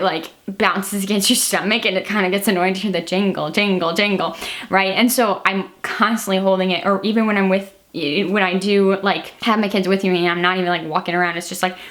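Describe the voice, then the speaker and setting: A woman's voice: mid-range voice, steady tone, fairly quick, fairly bright tone. A young woman with a Midwestern American accent, a teacher sharing Bible reflections in a chatty, rambling vlog talk. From Illinois. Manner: chatty, rambling, many "like" fillers. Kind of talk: casual devotional vlog talk.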